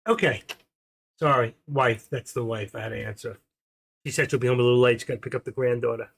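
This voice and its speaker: A man's voice: mid-range voice, steady tone, quick pace, creaky, a bit bright, slight background noise. An older man hosting a trading livestream, chatting in a casual, rambling, jokey way.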